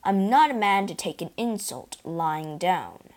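A woman's voice: on the low side, big pitch swings, a little slow, a little mellow. A woman voicing a haughty, curt older male musketeer in a storybook reading.

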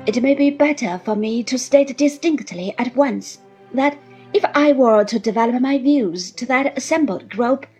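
A woman's voice: high voice, moderate pace, warm tone, husky, faint music behind. A woman voicing a pompous, flowery middle-aged husband who speaks in grand, long-winded phrases. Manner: grandiloquent, heated then relenting.

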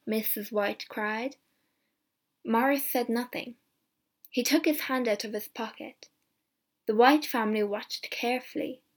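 A woman narrating a storybook in a clear, measured voice. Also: a little high.

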